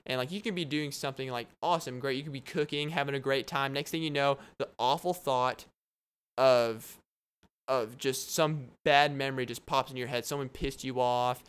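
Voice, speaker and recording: A man's voice: medium pitch, clean tone. A young man hosting his own podcast, rambling through stories with lots of fillers and laughs. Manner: rambling, animated storytelling with frequent laughs and fillers. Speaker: podcast host.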